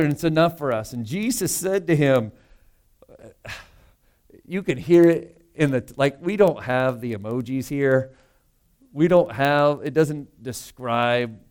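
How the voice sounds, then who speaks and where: Male pastor, mid-pitched and resonant, preaching emphatically in a casual, talky way. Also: darkish tone. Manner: conversational and emphatic, with frequent rhetorical asides. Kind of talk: sermon.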